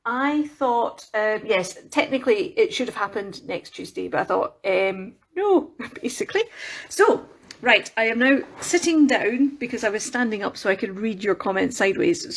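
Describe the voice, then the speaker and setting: Chatty rambling woman crafting live. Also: fairly high pitch. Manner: chatty and rambling, with frequent fillers and self-corrections. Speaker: craft livestream host. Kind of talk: casual live-stream chat while crafting.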